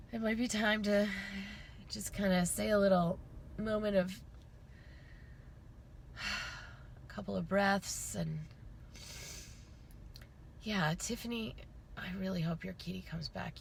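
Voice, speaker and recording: A woman's voice: mid-range voice, vocal fry, slight background noise. A woman hosting an intuitive astrology live stream from inside her car, gushing and emotional, near tears at times, then leading a guided meditation.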